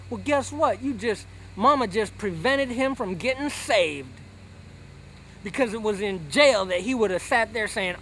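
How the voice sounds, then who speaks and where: A man's voice: sits high, expressive, measured pace, bright, forceful tone, a little hiss or hum. A man giving a brash, slangy comic sermon, lecturing listeners in a preachy rant. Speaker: satirical preacher character.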